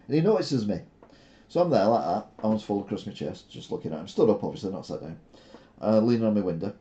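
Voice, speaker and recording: An older man chats on his live stream in a very dark, mellow voice. He rambles and stalls on filler sounds, and his humour stays dry and sarcastic. The sound is dull and lo-fi, like stream audio. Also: lowish voice, expressive, fast, a little hiss or hum. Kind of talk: casual live stream chat.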